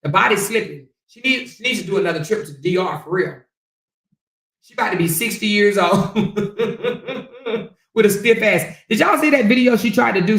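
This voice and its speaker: A woman's voice: medium pitch, fairly bright tone. A woman hosting a gossip commentary livestream, talking in a brash, profane, mocking way. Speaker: livestream host. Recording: roomy echo.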